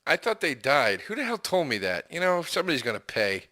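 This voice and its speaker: A man's voice: on the high side, brisk, no room sound, clean studio sound. A man co-hosting a casual comedy podcast, telling stories and acting out the lines of others. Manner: animated storyteller, acts out quoted dialogue. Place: apartment.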